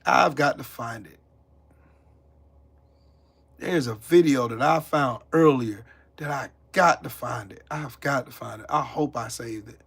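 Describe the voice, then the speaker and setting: A man's voice: mid-range voice, unhurried, long pauses, a bit bright, slightly rough. Profane, heated male livestream host. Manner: profane, heated, talks back to chat. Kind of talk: angry live-stream rant.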